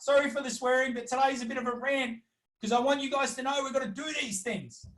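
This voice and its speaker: A man's voice: very high voice, a little fast, a bit bright. A man with an Australian accent hosting a business webinar, ranting bluntly and swearing freely as he gives advice. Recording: echoey room, speaking away from the mic.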